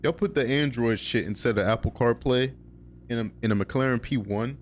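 Here a gaming YouTuber speaks at medium pitch and normal speed, with slight background noise. His commentary is loose, rambling and excitable, heavy on swearing and fillers, set against loud game music and the sound of car engines.

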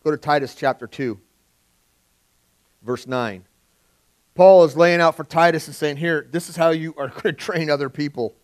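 Conversational pastor, slightly high voice. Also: male voice, normal speed, long pauses. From California. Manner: conversational preaching, swings from loud emphasis to quiet. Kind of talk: sermon.

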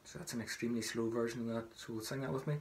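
A man teaching traditional songs, singing slow drawn-out phrases and then explaining them in quick, softer speech. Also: mid-range voice, fairly even intonation. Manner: soft, murmured asides. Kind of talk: singing lesson, call-and-response.

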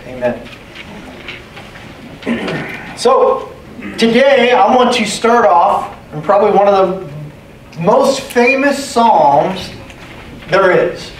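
Calls for amens and repeated key phrases mark this emphatic sermon by a man whose voice is on the high side. Recorded in an echoey church sanctuary from a distant mic, it carries faint ambience and background noise.

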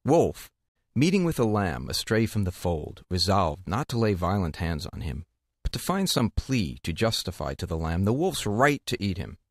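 Lively low-voiced male audiobook narrator. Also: normal speed, breathy edge, no echo, studio quality. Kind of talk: scripted storybook narration.

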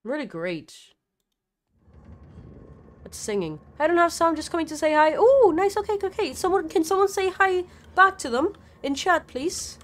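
Woman, game streamer, high voice, very animated pitch, swears a lot, talks to chat. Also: normal speed, hardly any pauses, slight background noise. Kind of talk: live gameplay commentary.

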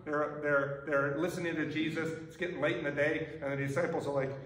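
A man preaching a sermon as pastor, talking in a relaxed, conversational way and often checking in with "right?". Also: a little high, a little fast, few pauses. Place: church sanctuary. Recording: echoey church from far off.

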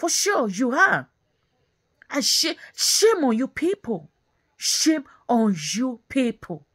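A woman's voice: sits high, sing-song, slow pace, fairly bright tone, slightly rough. A woman vlogger ranting angrily, scolding in repeated phrases and slipping into Pidgin. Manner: scolding, repetitive, mixes in Nigerian Pidgin. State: angry and bitter. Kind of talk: angry ranting commentary.

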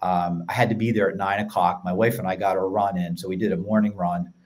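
A man with a Philadelphia accent, a podcast guest telling stories in an energetic, casual way. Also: deep voice. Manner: energetic storyteller, quick run-on sentences. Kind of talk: casual chat.

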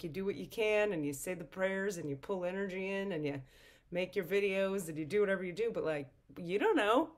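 Sleepy, breathy woman reading tarot cards. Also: on the low side. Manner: chatty and animated, with many fillers. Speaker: spiritual teacher and energy healer. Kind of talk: casual tarot card reading to camera.

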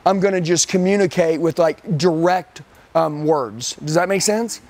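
A man's voice: on the high side, normal speed, darkish tone. A man coaching a room of sales trainees live. He talks intensely and emphatically, repeats his points, and often calls people "dude".

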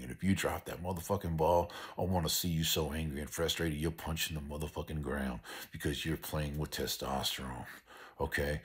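A man's voice: extremely low pitch, husky. An older man delivering a profane, aggressive motivational rant as a sports fan vlogger.

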